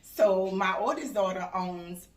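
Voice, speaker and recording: An older woman, talking casually in her home kitchen in a home decor vlog and telling stories in an animated way. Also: medium pitch, slow pace, far from the mic. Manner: animated storytelling, acts out the voices of her family and laughs. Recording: echoey room, voice off-mic.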